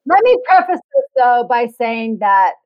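A woman's voice: fairly high pitch, sing-song, measured pace, no room sound, lo-fi sound. A woman, a touring musician, casually filling in details of a shared tour story. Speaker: guest musician.

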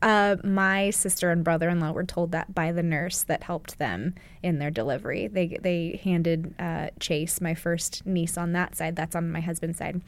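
A woman's voice: fairly low pitch, fairly even intonation, moderate pace, hardly any pauses. A woman who produces a recovery podcast, chatting casually in a booth, bubbly and giggly. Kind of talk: casual chat. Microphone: studio mic.

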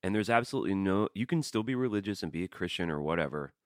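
A man's voice: deep voice, expressive, rapid-fire, dry recording, studio quality. A man hosting a casual podcast chat, speaking earnestly and firmly to his listeners. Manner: earnest, argues firmly against eternal hell. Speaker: podcast host. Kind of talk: casual conversation.

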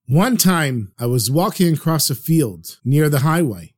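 A man narrating a traditional story for a podcast in an earnest, lively way. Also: on the high side.

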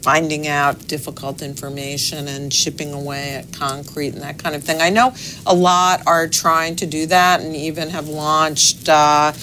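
Low-voiced measured woman editor. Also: level tone, sharp tone, slight background noise. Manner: measured, thoughtful, many pauses and fillers. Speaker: newspaper executive editor. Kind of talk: interview answers.

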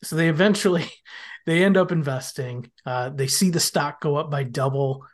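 A man on a podcast, retelling the plot in a casual, animated way and often slipping into characters' lines. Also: a little high, normal speed. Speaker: podcast guest. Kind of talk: casual podcast episode recap.

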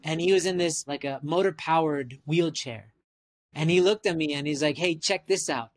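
A Canadian man in his forties, chatting casually and telling animated stories as host, with lots of "like" and "right?". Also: fairly high pitch, moderate pace. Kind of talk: casual chat.

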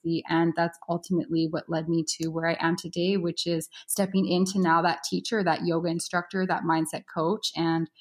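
A woman's voice: lowish voice, level tone, fairly quick, hardly any pauses. Reflective woman, yoga and mindset coach. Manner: reflective, uses many fillers like "you know" and "right". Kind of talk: casual interview conversation.

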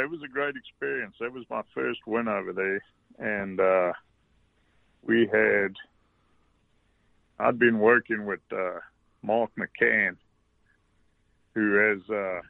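A South African man with a fairly low, gravelly voice tells an easygoing story with some cursing. He is heard over a thin, tinny phone line. The sound is dry, with no room around it. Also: slow, long pauses, no echo. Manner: relaxed anecdotal, salty language. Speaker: guest golfer. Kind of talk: casual storytelling.

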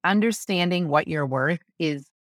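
A woman business coach talking as a podcast guest, animated, acting out quick voices and often asking "right?". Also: low-pitched, no room sound, studio quality. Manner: animated, acts out voices, asks rhetorical "right?". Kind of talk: podcast interview.

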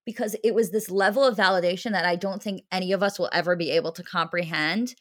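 A woman's voice: lowish voice, fairly even intonation, fast. A young woman co-hosting a podcast, telling a story in a casual, emotional, rambling way with many fillers. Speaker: podcast co-host. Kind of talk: casual chat.

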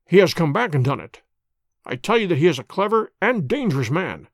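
A man's voice: a little high, big pitch swings, fairly quick, dry recording, studio quality. A man voicing a keen, authoritative detective in an audiobook reading. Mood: commanding. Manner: crisp, authoritative. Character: keen, commanding male detective.

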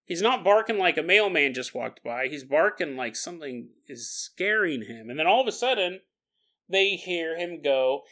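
Animated, joking male podcast host. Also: a little high, moderate pace. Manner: joking, laughs often, acts out voices. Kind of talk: casual storytelling.

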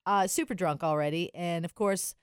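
A woman's voice: lowish voice, normal speed, clean tone, no room sound, studio quality. A woman in her thirties telling a story in casual chat, acting out the people in it.

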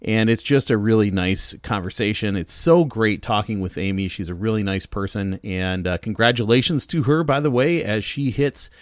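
Guy hosting his podcast, lowish voice, upbeat and folksy, dry close mic. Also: normal speed, hardly any pauses, no echo. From US Midwest. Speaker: podcast host. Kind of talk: casual podcast chat.

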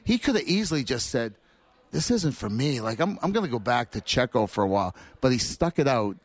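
A man, a former player, telling animated anecdotes as a guest. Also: mid-range voice, fairly quick, dry recording. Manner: animated storyteller acting out quotes. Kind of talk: anecdotal storytelling.

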